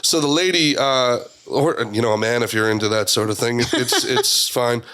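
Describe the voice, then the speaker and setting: A man of middle pitch sits in as a guest on a casual podcast. He trades crude jokes and loose, swaggering banter with the hosts. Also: moderate pace, pushed and bright, smooth.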